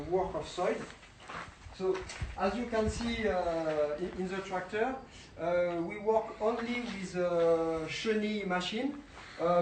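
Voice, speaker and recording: A young man speaks English with a clear French accent, pausing often and filling gaps as he searches for words. His voice sits high and he talks slowly. Faint outdoor ambience surrounds him. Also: slight background noise, poor audio. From France. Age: young adult. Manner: halting, many filler sounds and restarts. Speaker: winemaker giving a vineyard tour. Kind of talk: casual guided talk. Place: outdoors in a vineyard.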